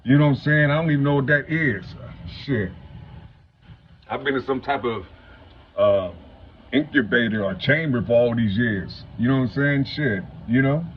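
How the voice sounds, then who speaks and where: A man in his fifties from Cincinnati, talking to viewers in a rambling, stuttering monologue that is full of swearing and "you know what I'm saying.". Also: normal speed. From Cincinnati, Ohio. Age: 50s. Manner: salty street talk, heavy swearing. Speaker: vlogger. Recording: dull low-fi home recording, faint hum.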